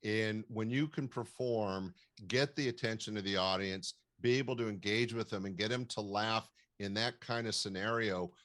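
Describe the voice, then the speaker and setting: An older man, a comedy club owner, giving advice in a measured, storytelling interview with frequent fillers. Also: lowish voice, steady tone, fairly bright tone. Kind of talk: casual interview talk, advising.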